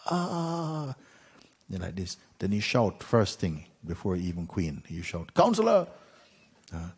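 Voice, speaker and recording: A man gently telling a parable as a spiritual teacher, unhurried, with pauses and soft fillers. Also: deep voice, fairly even intonation, slightly rough. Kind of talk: gentle spoken storytelling.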